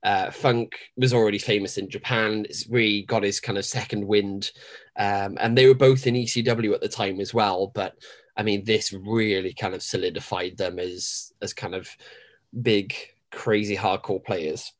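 A man's voice: on the low side, fairly even intonation, moderate pace. A man co-hosting a podcast, chatting casually with a rambling, enthusiastic manner and frequent laughter. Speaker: podcast co-host. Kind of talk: casual chat.

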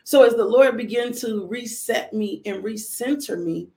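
Gravelly-voiced woman giving earnest testimony. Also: a little high, normal speed, mellow. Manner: earnest, repeats phrases for emphasis. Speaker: mother sharing faith and parenting lessons. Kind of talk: personal testimony talk.

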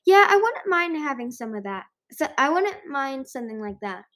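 A woman's voice: high-pitched, big pitch swings, moderate pace, a bit bright, voice pushed up. A woman voicing an anxious, clever young male dragon who speaks earnestly in a storybook reading.

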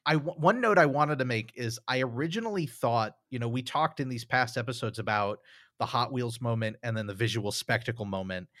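A man's voice: medium pitch, fairly quick, a bit bright, dry recording, clean studio sound. A man co-hosting a podcast, talking through a film in a casual, thoughtful, rambling way with many fillers. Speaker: podcast co-host.

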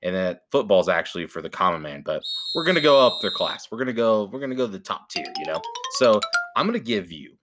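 A man's voice: fairly low pitch, very animated, fast, music in the background. A man hosting a casual sports chat podcast, laid-back and joking. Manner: laid-back, joking, calls cohost baby. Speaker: podcast host.

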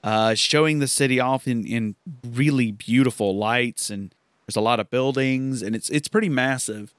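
A man's voice: mid-range voice, fairly bright tone, no room sound. Chatty man commenting on a video game. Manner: chatty, enthusiastic, retells dialogue. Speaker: gameplay commentator. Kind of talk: casual let's-play commentary.

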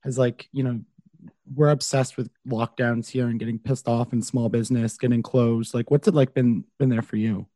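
A man's voice: mid-range voice, steady tone, moderate pace, dark tone, no echo. Upbeat Canadian podcast host man. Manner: upbeat, chatty, lots of fillers. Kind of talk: podcast intro and interview.

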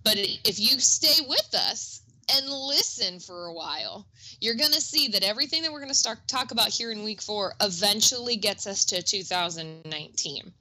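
A middle-aged woman hosts a casual teaching podcast in an upbeat, chatty way. Her voice is very bright and forward, with a middling pitch. She keeps things light with little jokes at her own expense. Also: expressive, moderate pace, low-quality recording. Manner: chatty, upbeat, self-deprecating asides. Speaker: podcast co-host, music teacher. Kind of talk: casual educational podcast chat.

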